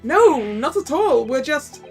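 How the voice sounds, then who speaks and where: A woman's voice: high voice, sing-song, takes it slowly, darkish tone, faint music behind, exaggerated voice. A woman reading the lines of a polite, hesitant young male defense lawyer in a video game, in near her own voice. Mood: polite, nervous.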